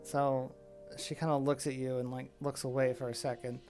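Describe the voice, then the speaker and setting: A man narrating as game master of a tabletop game, with relaxed, laughing asides. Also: mid-range voice, moderate pace, music in the background.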